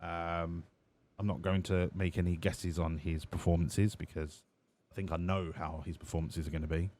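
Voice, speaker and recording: A man's voice: sits low, little pitch movement, moderate pace, darkish tone, slight background noise. A man giving casual, joking commentary while playing a game, sweary and self-mocking. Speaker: streamer.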